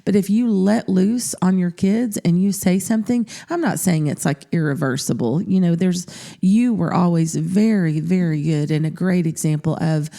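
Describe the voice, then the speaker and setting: A woman's voice: lowish voice, moderate pace, creaky, dark tone. A middle-aged woman co-hosting a marriage podcast, talking in an earnest, reflective way with lots of "you know" fillers. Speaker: podcast co-host. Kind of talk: casual conversation.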